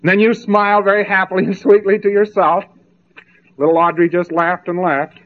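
A man's voice: high voice, little pitch movement, moderate pace. A man giving a spoken lecture, mocking and sarcastic as he tells stories to make his point. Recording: tinny narrow-band old tape.

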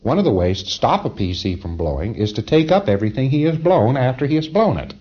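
A man's voice: medium pitch, sing-song, fast talker, dark tone, highs cut off. A man giving an informal training lecture, conversational and emphatic, often chuckling at his own points.

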